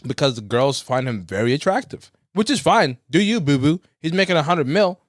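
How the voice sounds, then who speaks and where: A man's voice: on the high side, big pitch swings, a little fast, dry recording, clean studio sound. A man co-hosting a podcast, telling a long story in casual chat, swearing freely and acting out quotes. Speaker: podcast co-host.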